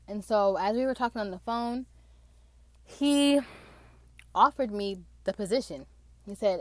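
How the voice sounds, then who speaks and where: A woman's voice: a little high, brisk, no room sound. A young woman telling a personal faith testimony in a casual, emotional way, often saying "like". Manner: emotional, excited, fills with "like".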